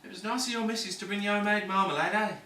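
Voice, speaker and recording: A man's voice: high-pitched, steady tone, rapid-fire, sharp tone. An actor playing a cynical, swaggering ladies' man in a hospital ward, lecturing in slang. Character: cocky London ladies' man, cynical patient. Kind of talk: amateur stage-style film acting. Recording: echoey room, distant mic, faint noise.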